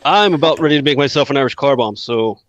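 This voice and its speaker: A man's voice: mid-range voice, quick pace, highs cut off. A man from California chatting on a podcast, joking around about drinking. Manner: boozy, jokey banter. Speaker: podcast guest. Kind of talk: casual podcast chat.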